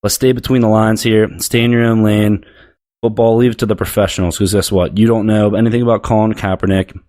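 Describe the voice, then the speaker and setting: A man's voice: on the low side, level tone, a little fast, darkish tone. A man hosting a sports show, delivering a blunt, profane, heated rant about football. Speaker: sports podcast host.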